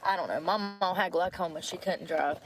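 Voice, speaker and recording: A woman's voice: on the low side, brisk, noisy background. A woman talking in casual chat from a parked car at night, rambling, laughing often and swearing freely. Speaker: vlogger.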